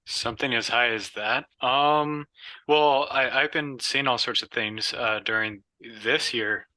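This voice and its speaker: A man in a study group who speaks haltingly, with many fillers. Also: mid-range voice, sharp tone, no room sound, rough recording.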